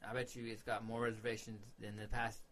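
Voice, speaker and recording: A man's voice: fairly low pitch, little pitch movement, a crowd in the background. Laughing podcast co-host man. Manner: laughs a lot, quick crude interjections. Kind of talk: casual chat.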